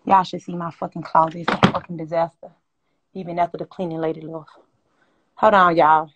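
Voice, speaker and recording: A woman hosting a casual phone livestream, talking loudly and profanely in a rambling way. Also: fairly low pitch, little pitch movement, brisk, highs cut off, very noisy. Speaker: livestream host.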